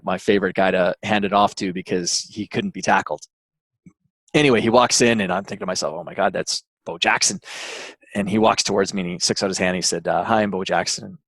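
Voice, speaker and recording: A man, an author interviewed as a guest, telling an anecdote in a relaxed way with frequent fillers and restarts. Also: deep voice, no echo. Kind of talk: interview storytelling.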